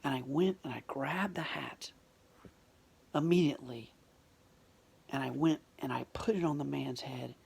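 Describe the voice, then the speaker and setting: A woman telling a personal story in an emotional, confessional way, often dropping to a hushed near-whisper. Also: extremely low pitch, measured pace, gravelly, long pauses, breathy edge.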